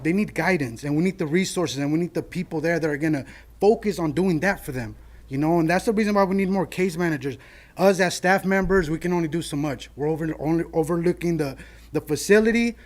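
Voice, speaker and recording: Guy from the shelter speaking at council, higher-ish voice, real sincere, lots of you knows. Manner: earnest, heartfelt, frequent "you know" fillers. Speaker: shelter monitor giving public comment. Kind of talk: public comment at a council meeting. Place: council chamber.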